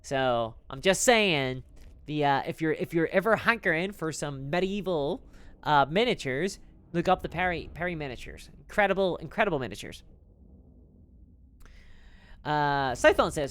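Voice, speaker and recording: A man's voice: on the high side, normal speed, clean tone. A man streaming a strategy game live, chatting in a rambling, casual way while he plays and reads the chat. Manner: lively, rambling, talks while playing. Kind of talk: live gameplay commentary.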